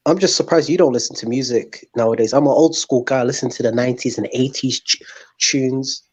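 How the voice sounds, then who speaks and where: A man with a mid-range voice joins a casual stream chat. He speaks haltingly, restarting and filling pauses as he goes. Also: mid-range voice, husky.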